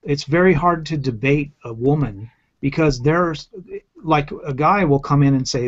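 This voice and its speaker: A man's voice: fairly high pitch, moderate pace. Blunt, profane man on a lo-fi call. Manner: blunt, profane, acts out exasperated quotes. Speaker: teacher. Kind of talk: casual round-table chat. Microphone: online video call.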